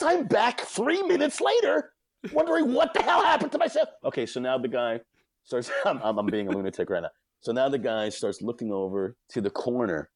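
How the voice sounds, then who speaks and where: An animated man spins a comic story, laughing between lines and acting out every quote. His pitch leaps up and down constantly. It is a close, dry podcast recording with no room sound. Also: husky, no room sound. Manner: excitable, laughs mid-sentence, acts out quotes. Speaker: guest.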